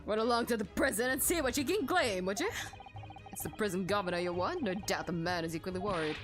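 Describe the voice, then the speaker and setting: A woman's voice: mid-range voice, animated, fast talker, soft background music, lightly acted. Woman doing a pompous Victorian detective. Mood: airy. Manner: airy, dismissive, theatrical. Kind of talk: game dialogue read aloud.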